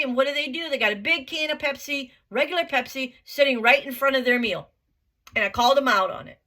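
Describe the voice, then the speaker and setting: Woman vlogger, higher voice, blunt motivational talk, hammers points home. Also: bright, forceful tone. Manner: blunt, emphatic, repeats herself; earnest, swears casually. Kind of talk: motivational vlog monologue.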